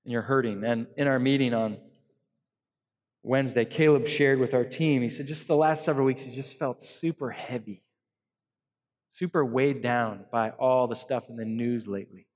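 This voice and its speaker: A man preaching an earnest sermon as pastor to a congregation, swinging between loud emphasis and soft hushed lines. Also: mid-range voice, normal speed, in a large hall. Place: church hall.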